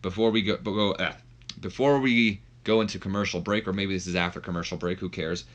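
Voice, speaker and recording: Low-voiced guy rambling through his game playthrough, lots of uh and you know. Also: steady tone, fairly quick, a bit bright, dull audio. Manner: rambling, filler-heavy. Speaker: game commentator. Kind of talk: casual playthrough commentary.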